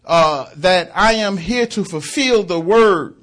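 A man's voice: high voice, slow, a bit bright, pitched above the performer's own voice. A man voicing the Son of God in a sermon, proclaiming each declaration. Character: the Son of God, commanding male divine figure.

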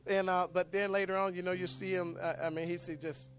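A man, a pastor praying and then telling a story to his congregation, earnest and repetitive, often halting and restarting his sentences. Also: high-pitched, level tone. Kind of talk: prayer and sermon storytelling.

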